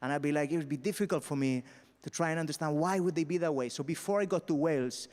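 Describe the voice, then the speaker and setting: A young man raised in Spain tells stand-up stories on a festival stage at a quick clip. His voice sits a little high for a man. He is punchy and keeps checking in with "all right?", and the sound carries a long hall reverb. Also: darkish tone. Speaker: stand-up comedian.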